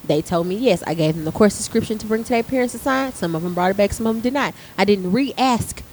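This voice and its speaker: A woman in her thirties who teaches theater arts chats casually on a podcast, telling a work story full of swearing and acted-out quotes. Her mid-range voice moves fast and animated, and the rough recording carries slight background noise.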